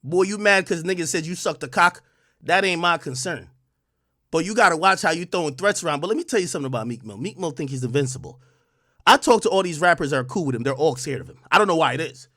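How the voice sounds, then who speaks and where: A man's voice: fairly high pitch, quick pace, no echo, clean studio sound. Fired-up man ranting on a stream. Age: adult under 45. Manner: loud, profane, combative, swings from shouting to calm. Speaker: streamer commentator. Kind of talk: heated livestream rant.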